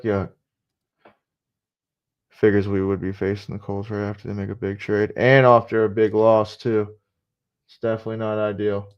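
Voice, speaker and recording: A man's voice: fairly low pitch, clean tone. A man casually talking through a live sports stream, repeating himself and muttering asides. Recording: dull lo-fi stream audio.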